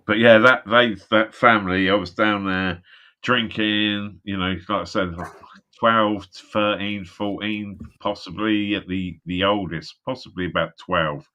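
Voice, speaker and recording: Man with a low, bright voice, swearing. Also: fairly even intonation, measured pace, dull audio. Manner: swears a lot, rambling and laughing. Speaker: co-host of a live stream. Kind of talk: casual chat. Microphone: video call.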